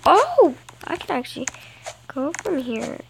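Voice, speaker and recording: A woman giving excitable, dramatic let's-play commentary to her viewers, recorded on a phone. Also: high-pitched, measured pace, gravelly, a little hiss or hum, rough recording. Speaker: gaming channel host. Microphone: phone screen recording.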